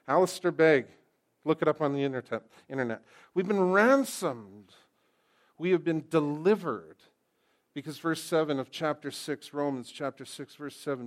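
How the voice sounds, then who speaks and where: Animated joking male pastor preaching. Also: fairly high pitch, moderate pace. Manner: lively and joking, swings from loud emphasis to quiet intensity. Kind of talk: sermon.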